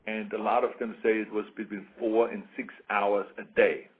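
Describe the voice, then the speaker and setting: A man's voice: on the low side, level tone, normal speed. Emphatic man on a tinny line. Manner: emphatic, repeats points, acts out quoted voices. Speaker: interview guest. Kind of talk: casual interview talk. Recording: tinny phone-like radio sound.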